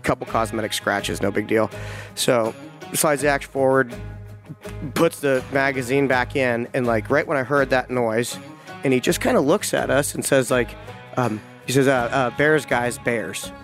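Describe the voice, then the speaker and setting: A hunting guide telling a tense first-person story, vivid and halting, with frequent restarts. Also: male voice, mid-range voice, faint music behind.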